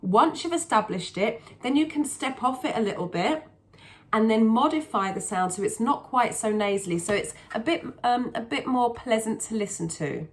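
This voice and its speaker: A woman's voice: fairly high pitch, expressive, moderate pace. A woman vocal coach explaining singing technique in a chatty, patient way, often restarting her sentences.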